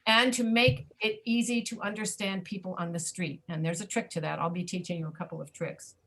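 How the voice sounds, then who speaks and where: A woman's voice: lowish voice, fairly even intonation, fairly quick, a bit bright. A woman teaching a pronunciation class over a video call, explaining patiently and checking in with her students. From Florida, USA.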